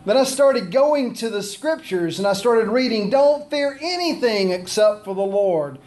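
A man's voice: sits high, lively intonation, measured pace, darkish tone. A man pastor, preaching a sermon and drawing answers from the congregation. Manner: preaching with call-and-response questions.

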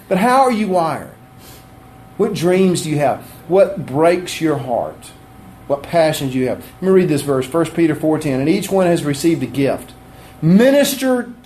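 A man's voice: a little high, darkish tone. A middle-aged man preaching a sermon in a chatty, self-deprecating way, asking the congregation questions as he goes. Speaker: pastor. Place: church sanctuary.

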